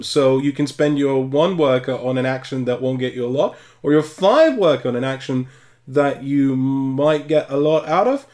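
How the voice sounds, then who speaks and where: A man co-hosting a board game podcast, explaining games in casual chat. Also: a little high. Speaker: podcast co-host.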